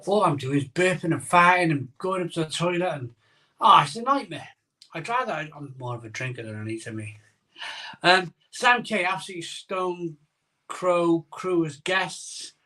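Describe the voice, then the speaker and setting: Speaking at a normal speed in a slightly high, expressive voice with a bright, forceful tone, a middle-aged man hosts a casual live stream. He's in his home conservatory using a phone camera, chatting and reading out comments in a jokey, sleepy fashion.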